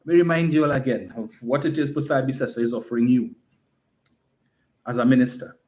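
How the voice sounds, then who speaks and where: A man's voice: mid-range voice, a little fast, a little mellow. A man giving an emphatic, mocking political campaign speech full of rhetorical questions.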